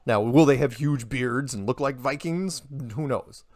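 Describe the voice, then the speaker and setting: Man, podcast guest, rambles and laughs a lot, dry close mic, middle pitch. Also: unhurried, dry recording. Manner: rambling, animated, laughs often, acts out quotes. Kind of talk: casual conversation.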